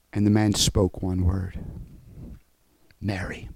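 A man's voice: mid-range voice, animated, a little slow, warm tone, a little hiss or hum, rough recording. A man preaching an emotional, fervent sermon over an online call. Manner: emotional and fervent, voice rising and falling.

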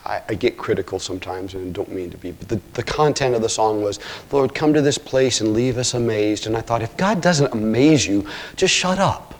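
A man preaching an expository sermon, earnest, with self-corrections and asides, swinging from hushed near-whispers to loud, emphatic exclamations. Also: lowish voice, fairly quick, hardly any pauses. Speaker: pastor.

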